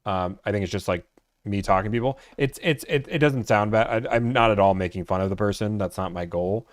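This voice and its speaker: A man's voice: on the low side, brisk, dry recording, clean studio sound. A young man from Georgia chatting casually on a live stream about buying cars, rambling and filling his talk with "like.". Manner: rambling, full of "like" fillers.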